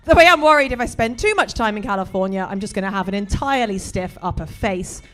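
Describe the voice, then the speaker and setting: A middle-aged British woman from Britain performing a stand-up set, deadpan and bawdy. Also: medium pitch, fast talker. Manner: dry, deadpan delivery with bawdy jokes. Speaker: stand-up comedian.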